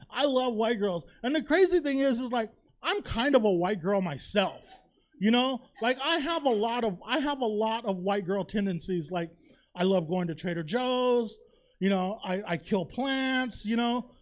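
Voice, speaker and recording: On a comedy theater stage, a man with a high-sitting voice and a slightly slow pace does a chatty, confessional stand-up set. He keeps tossing in "you know?" and "right?" constantly.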